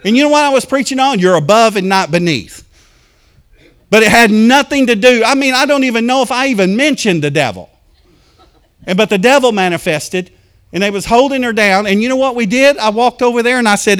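A man preaching a fervent sermon to a congregation, telling stories and talking straight to the people in church, swinging from loud to hushed. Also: sits high, fairly quick. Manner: addresses congregation directly. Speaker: pastor.

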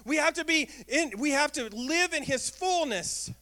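A man preaching a sermon as pastor, talking in a lively way and asking the congregation questions. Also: very high-pitched, normal speed. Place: church sanctuary.

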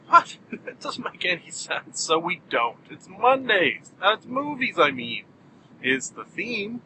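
Male podcast host, solo monologue, self-mocking, mock-outraged outbursts, crisp bright tone. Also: sits high, very animated, slow pace, a little hiss or hum, rough recording.

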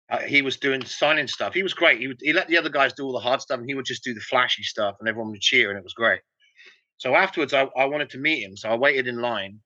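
A middle-aged man talks quickly and tells rambling, animated stories full of restarts. His voice is bright and forceful. The recording is dull and dry. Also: medium pitch, dry recording. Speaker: musician guest. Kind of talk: casual interview storytelling.

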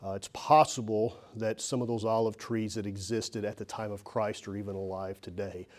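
A man's voice: on the low side, fairly even intonation, moderate pace. A man preaching a sermon as pastor, telling the story with emphatic, rising and falling delivery. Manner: emphatic storytelling, voice rises and falls.

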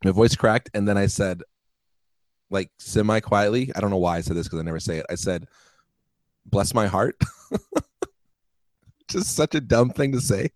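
Low, dry-sounding male podcast co-host, chatty with easy laughs. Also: moderate pace, long pauses, darkish tone, no room sound, low-quality recording. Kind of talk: casual chat.

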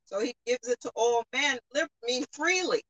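Bright voice explaining scripture. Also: high voice, lively intonation, dry recording, highs cut off. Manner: halting, explains verse phrase by phrase.

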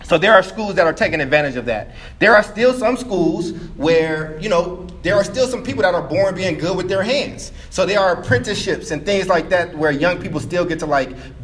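A man speaking casually to a live audience about schools, lively and conversational, full of quick asides and fillers. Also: on the high side, slight background noise. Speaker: education speaker taking audience questions. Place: meeting room with a live audience.

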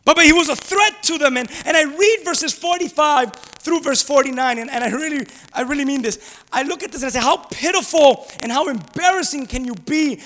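Male preacher, very high and bright, conversational and animated, acts out quotes; recorded in a big reverberant hall. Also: brisk. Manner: animated, acts out quoted voices, rhetorical questions. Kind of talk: conversational sermon. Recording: long reverb of a large hall.

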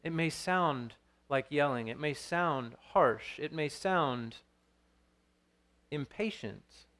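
A man's voice: a little high, animated, takes it slowly, fairly bright tone. A man in his thirties preaching a sermon as pastor, earnest and storytelling, with frequent restarts.

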